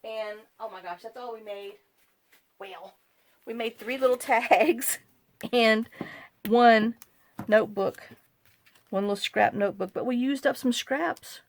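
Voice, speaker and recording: Gravelly-voiced chatty woman. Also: a little high, unhurried, long pauses. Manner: rambling, chatty and apologetic. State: overcaffeinated. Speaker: craft journaling vlogger. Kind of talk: casual crafting tutorial chat. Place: home craft desk.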